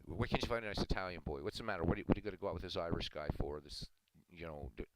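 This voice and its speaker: A man's voice: low-pitched, very fast, close to an everyday voice. A man putting on the voice of a nagging old grandmother who keeps asking scolding, repeated questions. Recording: loud background noise.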